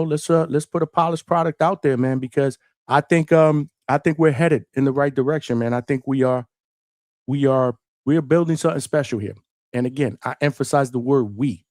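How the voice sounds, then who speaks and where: A man's voice: mid-range voice, a little mellow, no echo, clean studio sound. Laid-back, profane male stream host. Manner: laid-back, profane, fills lines with "man" and "bro". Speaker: host of a boxing call-in show. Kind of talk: casual live-stream monologue.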